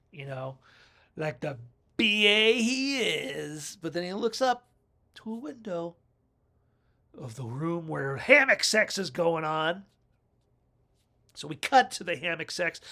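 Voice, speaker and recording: A man's voice: a little high, creaky, a bit bright. A man rambling through a casual, jokey film review on his own video channel.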